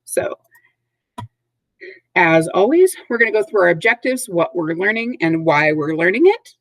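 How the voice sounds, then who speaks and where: A woman teaching a recorded vocabulary lesson to third graders, speaking slowly and clearly, with call-and-response prompts. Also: on the low side, very animated, no room sound, poor audio.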